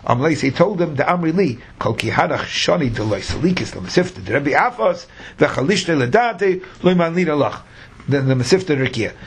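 A man's voice: fairly high pitch, animated, a little fast, a little hiss or hum. A man teaching a Talmud class, reading the Aramaic phrase by phrase and explaining each in English.

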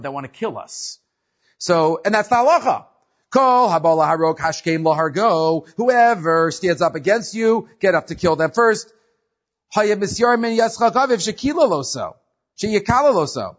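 A man's voice: sits high, lo-fi sound. A man teaching a Torah class, explaining commentary with rhetorical questions and repeated phrases.

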